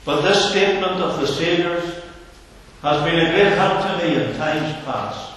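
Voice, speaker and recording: A man's voice: on the high side, a little slow, a bit bright, slight background noise. Man, sermon, earnest, dramatic drops in voice, distant mic, big echoing hall. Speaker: preacher. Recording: echoey hall from far off.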